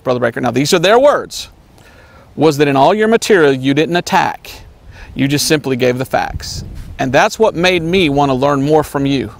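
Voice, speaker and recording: A man preaching an earnest sermon, repeating his points and sometimes mocking name-callers in a high voice. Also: normal speed, no echo. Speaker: evangelist preacher.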